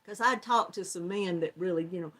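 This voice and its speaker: An older woman from Georgia in the US South, with a Southern American accent, hosts a casual crochet livestream, chatting folksily with viewers and laughing often. Her voice is lowish, a bit bright, and a little fast.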